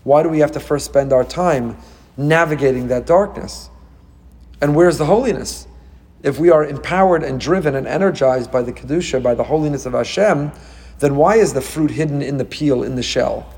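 Animated New rabbi preaching. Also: male voice, a little high, moderate pace, breathy edge. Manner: animated, rhetorical questions, mixes Hebrew terms. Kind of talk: sermon.

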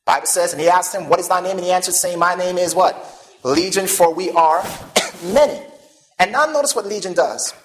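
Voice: medium pitch, brisk, poor audio. Preacher reading scripture and quizzing the audience. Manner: reads old-style scripture aloud, then explains it; asks the audience questions and leaves gaps for them to fill in. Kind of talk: sermon.

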